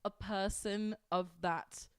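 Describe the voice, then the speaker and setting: A woman's voice: medium pitch, steady tone, takes it slowly, smooth, no echo, studio quality. A British woman, a guest on a podcast, chatting casually, self-deprecating and laughing nervously. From Britain. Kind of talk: casual chat.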